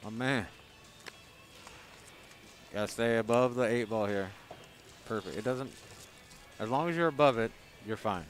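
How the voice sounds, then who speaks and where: A man calls a pool match in a relaxed, conversational tone, explaining shots plainly. His voice sits at a middling pitch. Faint music plays under the commentary. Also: measured pace, long pauses. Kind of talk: casual live commentary.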